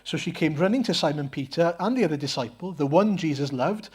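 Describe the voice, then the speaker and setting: A man preaches in a church, his voice sitting a little higher than most men's. He speaks earnestly, poses rhetorical questions, and often stumbles over fillers and repeated words as he works through his points. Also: lively intonation, brisk, a little mellow, breathy edge. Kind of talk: sermon.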